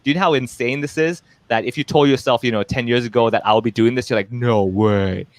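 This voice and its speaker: A man's voice: medium pitch, fairly quick, no echo. A man from Hong Kong, a stand-up comedian, chatting casually in an interview and acting out voices in his stories. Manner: animated storyteller, acts out quoted voices.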